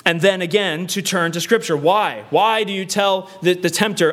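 Brief: male pastor mid-sermon, earnest, repeats key lines, asks rhetorical questions, fairly high pitch. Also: normal speed, few pauses, fairly bright tone.

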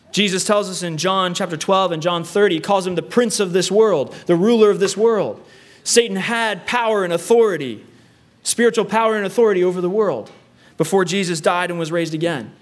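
A man's voice: high voice, normal speed. A man preaching a sermon earnestly, using repetition and rhetorical questions. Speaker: pastor.

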